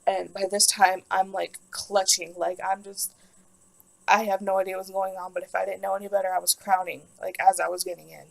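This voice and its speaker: Young woman with heavy vocal fry. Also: medium pitch, flat delivery, a little fast, rough recording. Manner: rambling, emotional, heavy use of "like". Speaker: vlogger. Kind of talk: personal storytelling.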